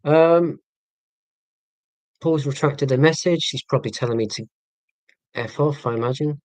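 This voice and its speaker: This livestream host, a northeast Scottish man in his forties, speaks at a measured pace in a medium, slightly mellow voice with no room sound. He chats his way through viewer comments, self-deprecating and rambling, with lots of ums and false starts.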